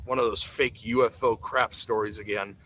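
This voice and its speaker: A man's voice: lowish voice, fairly even intonation, moderate pace, fairly bright tone, a little hiss or hum, low-quality recording. A man ranting bluntly and sarcastically during casual livestream commentary. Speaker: streamer.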